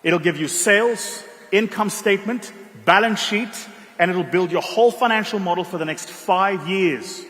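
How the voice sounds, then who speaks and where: Man giving a motivational speech in a hall. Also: high-pitched. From South Africa. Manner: storytelling, dramatic pauses, quiet emotional passages. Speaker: keynote speaker. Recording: reverberant hall.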